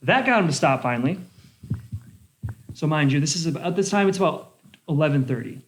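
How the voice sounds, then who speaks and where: A young adult man telling a bar story in casual chat, animated and swearing a lot, with lots of "like". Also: a little high, fairly quick, a little hiss or hum. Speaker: bartender podcast host.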